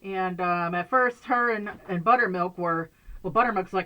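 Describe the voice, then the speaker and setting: A woman's voice: fairly low pitch, normal speed, bright, forceful tone. A woman chatting casually to camera from a bedroom at home, rambling and laughing often. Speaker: vlogger.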